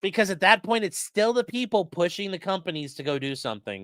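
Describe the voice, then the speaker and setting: A man's voice: high voice, big pitch swings, fast talker, few pauses, sharp tone, no echo. A man commentating on news in a casual live stream, crude and mocking, reading chat messages aloud.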